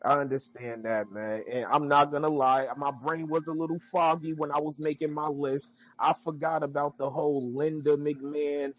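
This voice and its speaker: A man co-hosting a podcast in loose, joking casual chat, thinking out loud. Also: a little high, level tone, normal speed, hardly any pauses. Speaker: podcast co-host. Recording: dull lo-fi audio.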